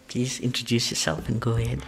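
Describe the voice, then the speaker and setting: A man's voice: mid-range voice, steady tone, a little fast, creaky. A man moderating a question session in a lecture hall, polite and full of fillers.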